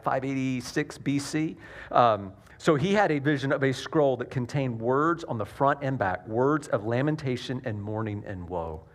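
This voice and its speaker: A man with a Southern US accent preaching a sermon to his congregation, earnest and self-deprecating, with frequent restarts and dad jokes. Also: mid-range voice. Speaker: pastor.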